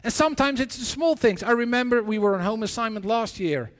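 A man with a high voice preaches in a large hall whose long reverb trails after every word. His sermon weaves personal stories and prayer, told earnestly but haltingly, with frequent restarts and repeated words.

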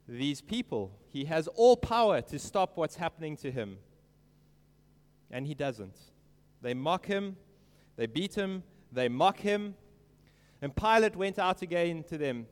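A man preaching an earnest sermon, stressing quoted lines slowly and emphatically. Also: a little high, long reverb tail.

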